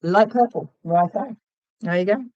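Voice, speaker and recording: Woman host, casual craft-stream chatter, easily distracted, counts aloud; mid pitch, muffled dry recording. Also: normal speed, no room sound. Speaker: livestream host. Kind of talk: casual livestream chat while crocheting.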